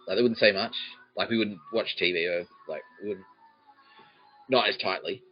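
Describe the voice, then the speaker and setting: A man's voice: lowish voice, moderate pace. A man hosting a comedy podcast, rambling in a crude, meandering monologue that keeps breaking off, and laughing at his own jokes. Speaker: podcast host. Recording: dull lo-fi recording with faint music.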